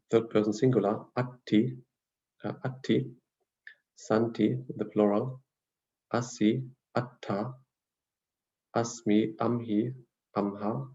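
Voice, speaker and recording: A man lectures on grammar in a low, flat, gravelly voice. His delivery is measured and explanatory, with pauses, fillers and restarts. The recording sounds dull and lo-fi, like an online class. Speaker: language teacher. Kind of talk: lecture reading grammar notes.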